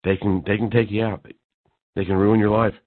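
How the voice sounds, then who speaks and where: A man's voice: on the low side, little pitch movement, fairly quick, no echo. A male radio talk show host delivering a sarcastic, mocking monologue that builds to incredulous outbursts. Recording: tinny phone-like dry sound.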